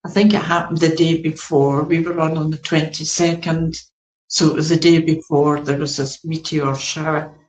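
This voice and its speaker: A woman giving a gentle, meandering spiritual talk to an online group as its teacher, with many fillers. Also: deep voice, flat delivery, moderate pace, reverberant, poor audio.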